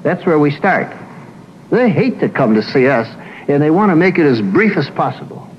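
A man's voice: on the high side, sing-song, moderate pace, muffled recording, a little hiss or hum. A man who works as a psychologist, giving a folksy lecture full of anecdotes and acting out the people he describes.

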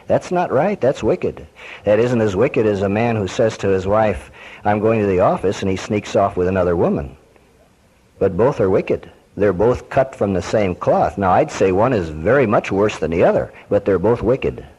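A man's voice: lowish voice, animated, moderate pace, a little mellow, breathy edge, rough recording. A man preaching a sermon, quoting scripture and questioning his listeners.

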